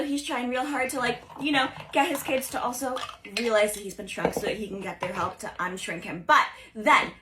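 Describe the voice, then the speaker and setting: Young woman ranting about movies, fast and chatty, highish bright voice. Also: a little hiss or hum, rough recording. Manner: animated, fast-talking, lots of filler words. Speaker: social video creator. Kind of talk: casual storytelling commentary.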